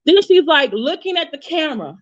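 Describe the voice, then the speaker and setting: A woman's voice: high-pitched, sing-song, fairly quick, muffled recording. A woman giving casual, blunt commentary, chatty and often restarting her sentences. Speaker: commentary YouTuber.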